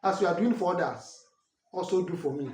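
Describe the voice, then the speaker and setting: A Nigerian man with a fairly high voice and an Ikwerre mother tongue explains dialect words in an earnest, emphatic, correcting way. He stands back from the microphone in a roomy, echoing space, with a faint hiss underneath. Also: brisk, darkish tone. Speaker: language and culture teacher. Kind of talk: explanatory talk on names and dialect. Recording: roomy echo from a distant mic, faint noise.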